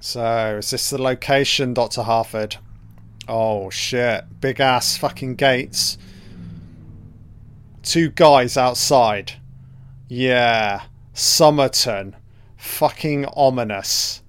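A man giving a casual, profane watch-along commentary on a film, reacting out loud to what is on screen. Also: mid-range voice, takes it slowly, long pauses, clear, resonant tone.

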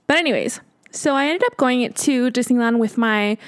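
A woman in her late twenties tells a story on her podcast in loose, casual chat. Her voice sits a little higher than most. She swears freely and acts out her own exasperated replies. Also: normal speed, smooth. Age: 20s. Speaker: podcast host.

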